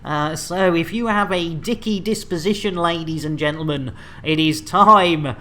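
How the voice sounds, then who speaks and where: A man's voice: on the high side, a little slow, hardly any pauses, fairly bright tone. A man casually bantering while streaming a game, rambling and joking with laughs. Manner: jokey, rambling, laughs a lot.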